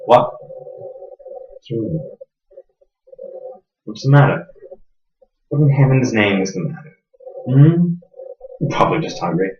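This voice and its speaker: A man's voice: medium pitch, lively intonation, slow pace, long pauses. A man playing a sneering sadistic interrogator. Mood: menacing. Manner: menacing, sneering, lurching between hushed and loud. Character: smug, sadistic middle-aged male interrogator. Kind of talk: stage drama acting. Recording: roomy, dull lo-fi recording.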